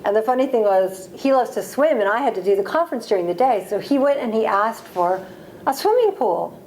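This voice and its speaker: A woman in her forties from the United States tells stories at a library talk, quick to laugh. Her voice sits somewhat high. Faint noise hums under the recording. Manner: lively storytelling, laughs often. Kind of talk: reading and audience Q&A. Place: library event room.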